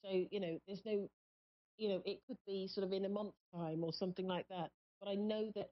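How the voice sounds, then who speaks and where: Halting woman host, muffled lo-fi sound. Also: medium pitch. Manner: halting, searching delivery with many pauses. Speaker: psychic radio host. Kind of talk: live call-in reading. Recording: muffled lo-fi stream audio.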